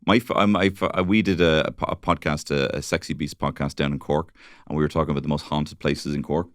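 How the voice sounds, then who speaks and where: Very deep-voiced Dublin man, sweary. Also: fast talker, no echo, clean studio sound, faint music behind. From Dublin, Ireland. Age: young adult. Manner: sweary, animated storyteller. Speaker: podcast co-host. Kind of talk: casual chat.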